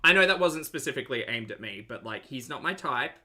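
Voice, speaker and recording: A man's voice: mid-range voice, animated, fast talker, sharp tone. A man with an Australian accent hosting a live-stream reaction, chatty and sarcastic as he reads out viewer messages. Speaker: commentary channel host.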